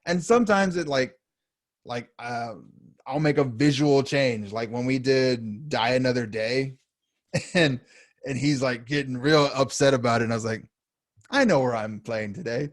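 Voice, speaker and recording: This podcast co-host speaks at a moderate pace as he tells stories casually. Animated, he voices what people said with big pitch jumps. The audio is clean studio sound without echo.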